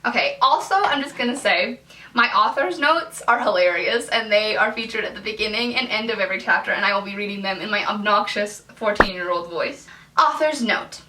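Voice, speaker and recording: A woman's voice: medium pitch, fairly quick, pushed and bright, far from the mic, slight background noise. A young American woman who hosts a video channel, reading her old fanfiction aloud with chatty, self-mocking asides. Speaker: YouTube host. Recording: echoey room, voice from off-mic.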